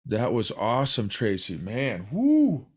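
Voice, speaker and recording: A man's voice: medium pitch, huge pitch swings, takes it slowly, darkish tone, breathy edge. A man hosting a casual interview, reflective and openly emotional, often restarting his sentences. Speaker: podcast host.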